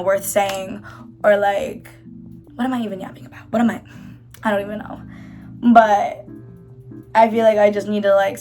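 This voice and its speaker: A young woman vlogging casually to camera, rambling and full of fillers while doing her makeup, faint music behind her. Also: on the high side. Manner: rambling, filler-heavy, self-reassuring. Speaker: YouTuber. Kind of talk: casual confessional chat to camera.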